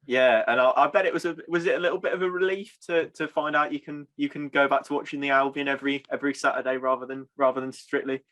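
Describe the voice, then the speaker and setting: A man hosting a podcast, giving short encouraging replies and asking halting questions. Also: medium pitch, fairly even intonation, a bit bright. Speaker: podcast host. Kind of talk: casual interview.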